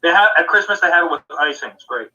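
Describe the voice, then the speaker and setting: A man's voice: on the high side, lively intonation, fast talker, pushed and bright, lo-fi sound. A man co-hosting a podcast in casual chat, rambling and laughing easily. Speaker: podcast co-host.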